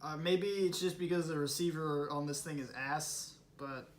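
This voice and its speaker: Laid-back young man, high voice. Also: steady tone, normal speed, slight background noise. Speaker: friend on the trip. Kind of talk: casual chat. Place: hotel room.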